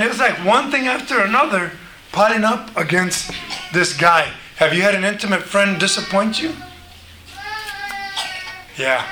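Male preacher, high-pitched and bright, animated conversational sermon, echoey hall. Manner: conversational, animated, acts out quoted voices. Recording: echoey room, faint noise.

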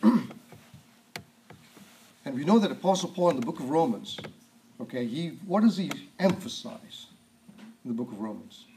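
A man preaching a sermon, stressing and repeating key words and often clearing his throat. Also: mid-range voice, a little mellow, slight background noise, poor audio.

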